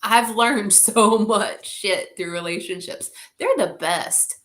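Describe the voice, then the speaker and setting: A woman's voice: medium pitch, takes it slowly, fairly bright tone. A woman leading an online group, talking casually, candid and heartfelt, with many "like"s and the odd swear word.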